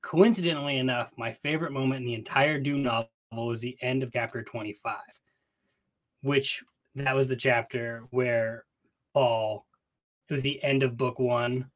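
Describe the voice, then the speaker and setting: A man's voice: medium pitch, fairly even intonation, moderate pace. A man co-hosting a book podcast in casual chat, playful and jokey, recorded in a small closet. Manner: playful, jokey, chatty with filler words. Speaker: podcast co-host.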